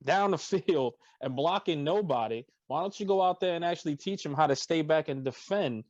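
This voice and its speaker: A man's voice: fairly high pitch, moderate pace, dry recording, lo-fi sound. A man co-hosting a casual sports podcast, ranting emphatically about his team's players. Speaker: podcast co-host.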